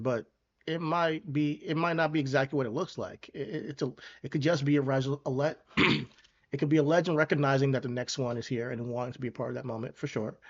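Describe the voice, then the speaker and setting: A man hosting a podcast in casual chat, laid-back and measured, often hedging his takes. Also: mid-range voice, lo-fi sound. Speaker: podcast host.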